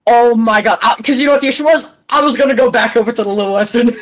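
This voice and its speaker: A player in a casual gaming chat, excitable and often confused, asking others to repeat themselves. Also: medium pitch, very fast, a crowd in the background.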